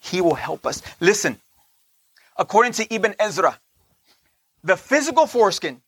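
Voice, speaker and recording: A man giving a conversational sermon, often checking in with listeners with "right?", slowing down on key points and dropping into soft asides. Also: high voice, very animated, husky, dry recording. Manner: slows down to stress points, laughs between lines. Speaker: teacher of a Torah portion.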